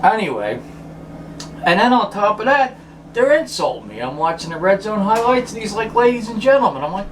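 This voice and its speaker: Male vlogger, high voice, exasperated profane ranter, distant mic with faint noise. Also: sing-song, a little fast. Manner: exasperated, swears constantly, mock-outraged. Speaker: vlogger ranting about football. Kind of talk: profane comic rant to camera.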